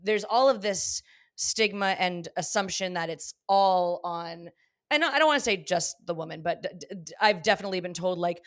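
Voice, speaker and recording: A woman's voice: lowish voice, moderate pace. Valley girl woman chatting candidly. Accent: Southern California Valley girl. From Los Angeles. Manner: candid, animated, laughs often, restarts sentences. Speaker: podcast guest, comedian. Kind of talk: casual podcast chat.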